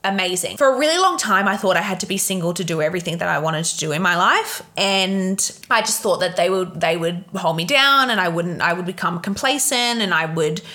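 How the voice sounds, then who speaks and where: A woman's voice: fairly low pitch, animated, a little fast, hardly any pauses, sharp tone. A young woman hosting a solo podcast, talking frankly and emotionally about relationships and swearing freely. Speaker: podcast host. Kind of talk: candid solo podcast monologue.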